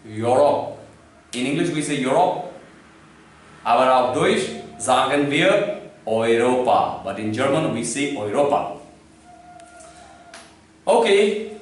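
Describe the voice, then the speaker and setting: Slow-spoken male language teacher, echoey room. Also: mid-range voice, animated, slight background noise. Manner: slow and deliberate, spelling letters and repeating words. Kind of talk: classroom-style lesson. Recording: echoey room, from far off the mic.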